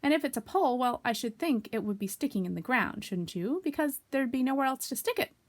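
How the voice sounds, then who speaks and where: A woman's voice: high voice, expressive, brisk, pitched above the performer's own voice. A woman voicing a fussy, self-important male rabbit in a storybook reading.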